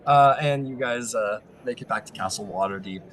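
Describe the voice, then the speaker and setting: A man's voice: medium pitch, normal speed, a bit bright, rough recording. A man narrating as game master, rambling and hedging with lots of fillers.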